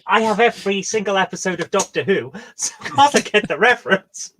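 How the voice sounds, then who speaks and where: A woman's voice: mid-range voice, lively intonation, fast, fairly bright tone, rough recording. A woman hosting a casual online quiz over a video call, joking and laughing between lines. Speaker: quizmaster.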